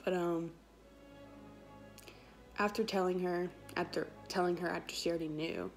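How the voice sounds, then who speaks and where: A woman's voice: on the low side, fairly even intonation, normal speed, vocal fry, soft background music. A woman, telling a personal story in a casual, chatty vlog with lots of quoted dialogue. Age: 20s. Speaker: vlogger.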